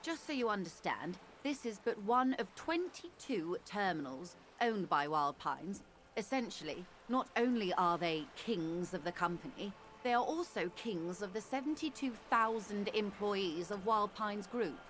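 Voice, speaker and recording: A woman's voice: mid-range voice, expressive, fairly bright tone, slight background noise. A woman voicing a composed, formal female negotiator in a video game, with polished diction. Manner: composed and measured. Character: poised, formal middle-aged woman negotiator. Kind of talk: game voice acting.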